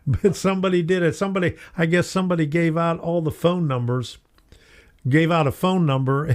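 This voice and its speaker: A middle-aged man hosting a casual hobby live stream, chatty, laughing often and reading viewer comments aloud. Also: on the high side. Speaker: host of a model train live stream.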